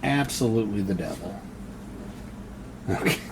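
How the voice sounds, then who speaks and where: In a very noisy recording, a man with a lowish, animated voice speaks at normal speed. He's playing a solo board wargame, muttering along, reading the rules to himself and reasoning through every turn.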